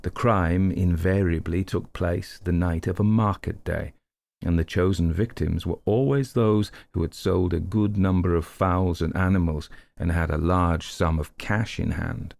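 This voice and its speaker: Deep, gravelly male audiobook narrator. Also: fairly even intonation, unhurried, darkish tone, dry recording.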